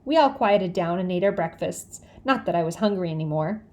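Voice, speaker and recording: A woman reading a children's book aloud in a lively, expressive way. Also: on the low side, fairly quick. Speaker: audiobook reader.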